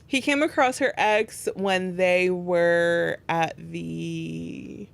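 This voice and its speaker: A young woman with a slightly low voice co-hosts a casual podcast chat. She is easygoing, agrees often and retells scenes with plenty of fillers. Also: fairly even intonation, very slow, creaky. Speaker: podcast co-host.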